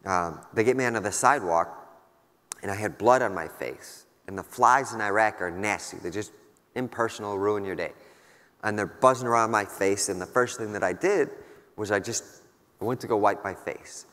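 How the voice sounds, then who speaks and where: A man in his thirties delivers a keynote in a large conference hall, telling a personal war story candidly, casually and wryly, with plenty of fillers. His voice is fairly low and fairly bright, at a moderate pace, and the recording has a long hall reverb.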